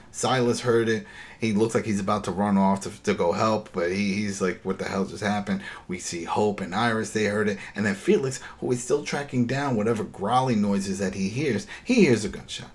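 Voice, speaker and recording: Podcast co-host, male, lowish voice, animated and exasperated while recapping, stumbles and restarts. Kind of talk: casual podcast episode recap.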